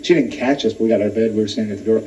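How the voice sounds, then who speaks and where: A man's voice: lowish voice, warm tone, a little hiss or hum. Man, stand-up comedian, club stage, crowd work, distant mic, muffled lo-fi recording. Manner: crowd work, quick punchlines. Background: audience laughter.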